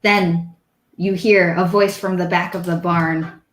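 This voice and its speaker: Unhurried woman running a tabletop game. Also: fairly low pitch, fairly even intonation, echoey room, poor audio. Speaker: dungeon master.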